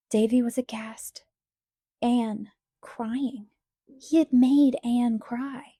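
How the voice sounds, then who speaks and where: A woman narrating an audiobook chapter in a measured, expressive storytelling voice. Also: a little high, no echo, studio quality. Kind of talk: scripted narration.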